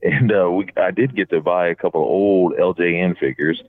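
A deep-voiced man tells a long, loosely strung story, piling one scene onto the next. He livens up when he imitates other people. The sound is thin and tinny, as if over a phone line, and bone dry. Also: brisk, dry recording. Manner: rambling, animated when quoting others. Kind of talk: casual storytelling.

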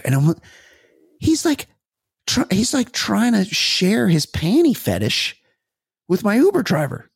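A man's voice: high-pitched, sing-song, measured pace, creaky, long pauses, husky, no room sound, clean studio sound. A man co-hosting a comedy podcast, telling rambling, profane stories full of restarts in casual chat. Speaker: podcast co-host.

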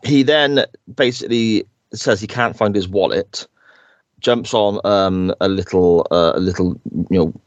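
A man co-hosting a podcast, chatting casually and acting out quotes in exaggerated high voices. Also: a little slow, dry recording, dull audio. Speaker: podcast co-host. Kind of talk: casual chat.

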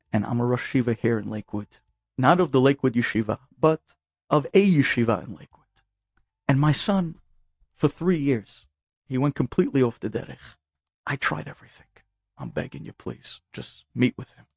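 A man's voice: sits high, animated, normal speed, no room sound, voice pushed up. A man acting out a distraught older father who pleads for help with his son over the phone, his voice breaking as he begs. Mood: tearful.

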